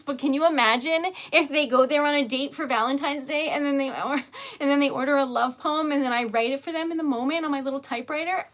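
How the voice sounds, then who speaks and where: A woman hosting a casual livestream while making wax seals, bubbly and excitable, giggling often and chatting with viewers. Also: high-pitched, brisk. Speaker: livestream host.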